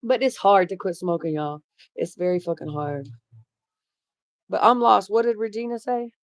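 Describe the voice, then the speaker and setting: A woman's voice: mid-range voice, animated, normal speed, dry recording. Middle-aged woman chatting on her live stream, cusses a lot, super casual, dry close sound. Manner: blunt, swears freely, chatty. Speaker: livestream host reading chat. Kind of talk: casual livestream chat.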